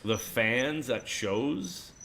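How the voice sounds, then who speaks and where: Lively man telling stories. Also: medium pitch, very slow. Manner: animated, acts out quotes loudly. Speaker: co-host. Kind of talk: casual chat, storytelling.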